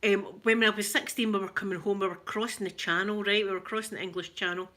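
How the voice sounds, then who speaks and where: A woman's voice: medium pitch, fairly even intonation, fast talker, sharp tone. A woman in her forties with a Glaswegian Scottish accent, chatting casually and joking with viewers on a live stream. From Scotland. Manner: chatty and joking, with bursts of laughter. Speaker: livestream host chatting with viewers.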